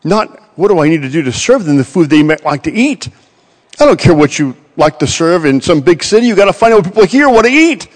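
Middle-aged male preacher, lively sermon storytelling, slightly high voice, reverberant hall sound. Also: a little fast. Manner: animated, storytelling with acted quotes.

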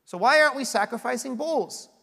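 High-voiced pastor in a reverberant hall. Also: male voice, fairly quick, creaky, sharp tone. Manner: earnest, explanatory, asks rhetorical questions. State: losing his voice. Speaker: pastoral candidate preaching. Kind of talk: conversational sermon. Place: church sanctuary. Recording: long reverb of a large hall.

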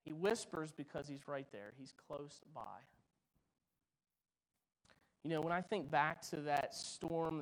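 Preaching man, loud then hushed. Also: fairly high pitch, poor audio. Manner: dramatic swings from loud to hushed. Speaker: pastor. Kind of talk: sermon.

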